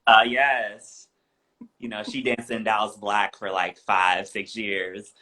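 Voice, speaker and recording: Playful man on a video call, bright-voiced. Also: lowish voice, takes it slowly. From California, USA. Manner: playful, animated. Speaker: guest, professional dancer. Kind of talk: casual chat.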